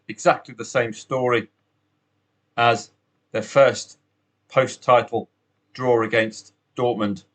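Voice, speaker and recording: A man's voice: medium pitch, a bit bright. A man hosting a solo betting podcast, chatty and upbeat, with asides to the listener.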